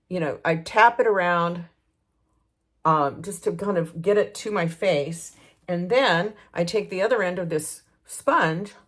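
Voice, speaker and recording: Chatty woman in her sixties, low voice. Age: 60s. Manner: chatty, thinking aloud with fillers and restarts. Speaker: lifestyle vlogger. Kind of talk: casual makeup tutorial.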